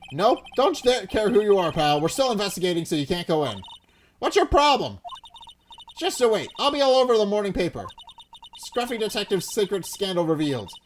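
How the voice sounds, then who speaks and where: A man voicing a pushy young journalist woman with a Southern American accent, loud and brash, reading a game aloud. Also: high-pitched, slight background noise, pitched above the performer's own voice. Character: pushy young newswoman with a twang.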